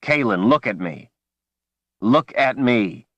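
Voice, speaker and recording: A man's voice: lowish voice, slow pace, no echo, lo-fi sound. A man reading a desperate, pleading young man. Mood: urgent. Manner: urgent, pleading, then calm and steady. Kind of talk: audiobook character reading.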